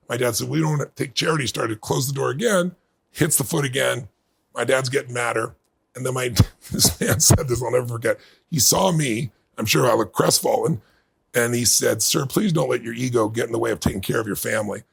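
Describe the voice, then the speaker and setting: A middle-aged man being interviewed, telling a personal story in earnest and building to bursts of excitement. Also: mid-range voice, fairly quick. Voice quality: gravelly, husky. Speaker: guest.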